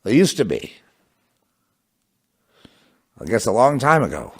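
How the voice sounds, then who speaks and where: Man, religious commentator, fervent, sarcastic, mocking, swooping lively pitch, middle-range voice. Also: unhurried, breathy edge. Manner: breaks into scornful laughter. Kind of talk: impassioned religious monologue.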